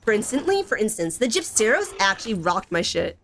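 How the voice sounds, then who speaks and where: A woman's voice: medium pitch, big pitch swings, a little fast, a bit bright. Chatty young woman gaming streamer. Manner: chatty, giggly, lots of "like" and "bro". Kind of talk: casual gaming stream chat.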